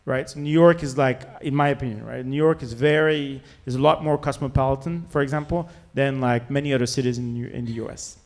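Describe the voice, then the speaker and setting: A man's voice: medium pitch, steady tone, a little fast, few pauses, darkish tone, faint music behind. A man with a French accent, an investor on a startup panel, answering candidly and with jokes, with many "like" fillers. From France.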